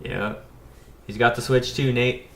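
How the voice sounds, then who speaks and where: A man's voice: medium pitch, fairly even intonation, a little slow, creaky, fairly bright tone. An American man in his thirties, an electrician, chatting casually on a live stream, rambling and talking straight to his viewers. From United States. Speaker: electrician and YouTuber.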